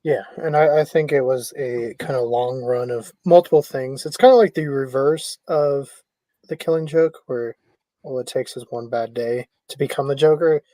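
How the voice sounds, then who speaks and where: A man's voice: medium pitch, normal speed, warm tone, no echo, poor audio. A man hosting a casual pop culture discussion, easygoing, who passes questions to the others. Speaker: podcast host.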